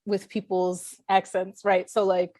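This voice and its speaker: A woman's voice: mid-range voice, completely flat delivery, unhurried, mellow, no room sound. A woman from Puerto Rico whose first language is Spanish, a guest writer talking casually and thoughtfully, often restarting her sentences. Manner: thoughtful, searching, with frequent restarts and fillers. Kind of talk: casual conversation.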